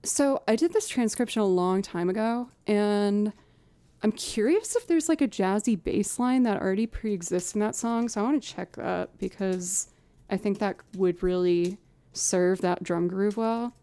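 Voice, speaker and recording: Chatty lady streamer, mellow and a bit gravelly, humming beats while she fiddles w her loops, soft music behind. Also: mid-range voice, animated, a little slow, no echo. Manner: chatty, thinks aloud, hums and scats rhythms. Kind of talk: casual live-stream chat while setting up loops.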